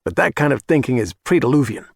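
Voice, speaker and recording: A man putting on a smug hired killer who lectures condescendingly, pitched above the narrator's usual voice. The audiobook sound is close and dry. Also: expressive, fast, gravelly, dry recording. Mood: lecturing, smug.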